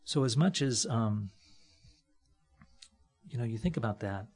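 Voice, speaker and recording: A man's voice: mid-range voice, expressive, a little slow, darkish tone. A man preaching a conversational sermon from a church platform, folksy, with joking asides and frequent fillers.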